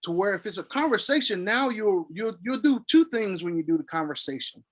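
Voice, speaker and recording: High-voiced man coaching on a call. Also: expressive, brisk. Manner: acts out sample sales calls, lots of filler syllables. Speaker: sales consultant. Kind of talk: casual consulting call.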